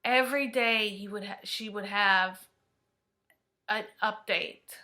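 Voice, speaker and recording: A woman vlogger telling a personal story in an emotional, halting way, sometimes dropping to a hush. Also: mid-range voice.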